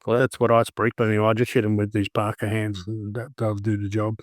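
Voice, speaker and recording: A man's voice: fairly low pitch, little pitch movement, quick pace, no echo, studio quality. A man hosting a podcast interview, joking and telling long anecdotes in casual chat. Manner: jokey, tells long anecdotes. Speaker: podcast host.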